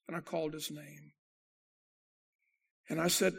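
Pastor guy preaching, gravelly voice, dramatic storytelling, goes loud then real quiet. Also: on the high side, flat delivery, normal speed, pauses often. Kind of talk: sermon.

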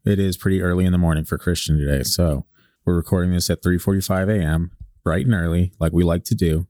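Deep guy from alaska cohosting a podcast, jokey, reads old articles, dry close mic. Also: fairly even intonation, fast, mellow, dry recording. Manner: joking, laughs often. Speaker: podcast co-host. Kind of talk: casual chat, reading an old article aloud.

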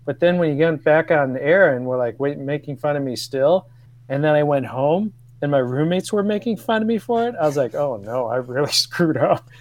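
A man in his fifties, a guest on a radio show, telling old stories with laughs and halting restarts. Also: fairly high pitch, darkish tone. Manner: storytelling, laughs often, hesitant restarts. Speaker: guest, former radio co-producer. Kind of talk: casual radio chat.

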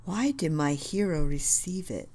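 A woman reading the lines of a loving, spiritual young wife, soft and earnest in manner. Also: sits low, animated, a little slow, exaggerated voice.

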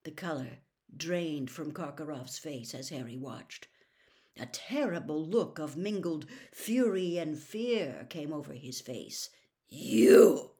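Woman storybook narrator, low voice, very animated, expressive. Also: unhurried. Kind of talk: storybook reading aloud.

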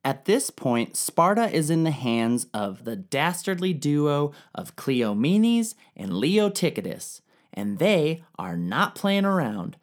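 A man's voice: on the high side, big pitch swings, takes it slowly. A young man retelling ancient history as a comedy, slangy and profane. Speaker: narrator.

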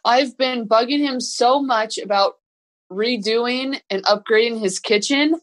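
Teasing high-pitched woman contestant. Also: a little slow. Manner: teasing, competitive, exclaiming. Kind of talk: casual game-show banter.

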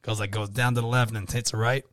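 A man co-hosting a casual podcast, swearing freely as he tells an animated story. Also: medium pitch, quick pace, no echo, studio quality. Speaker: podcast co-host.

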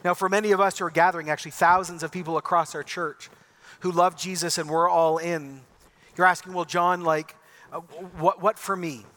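A man preaching an Easter sermon as pastor, moving from impassioned calls to a quiet, earnest prayer. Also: high voice, steady tone, fairly quick.

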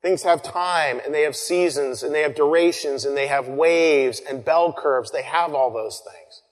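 A man preaching a sermon, earnest, repeating phrases and dropping to soft, quiet lines. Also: a little high. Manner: earnest, pauses and repeats phrases, drops to soft near-whispers. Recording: long reverb.

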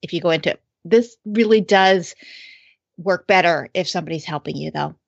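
A woman's voice: lowish voice, normal speed, vocal fry, no echo. A woman chatting casually in a thoughtful, explanatory way. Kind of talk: casual podcast chat. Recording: dry, slightly dull lo-fi sound.

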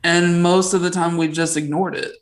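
A male pastor hosting a casual conversation, relaxed and joking at his own expense. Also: high voice, normal speed, poor audio. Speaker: pastor and host.

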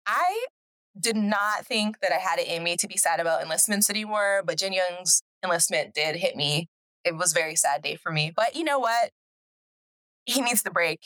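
A woman co-hosting a casual podcast chat, chatty and quick to laugh, often trailing off mid-thought. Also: fairly low pitch, animated, a bit bright, no echo. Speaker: podcast co-host.

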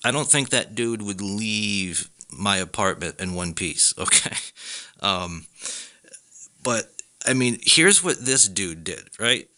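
A man hosting a podcast, ranting in a casual comic monologue, swearing often and mocking people in high put-on voices. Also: slow. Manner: animated, profane, laughs often, slips into high mocking voices. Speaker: podcast host.

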